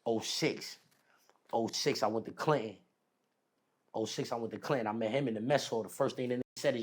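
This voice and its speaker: New guy, slangy street talk, telling his story all animated, middle pitch. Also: brisk, long pauses. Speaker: podcast guest. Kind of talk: casual storytelling.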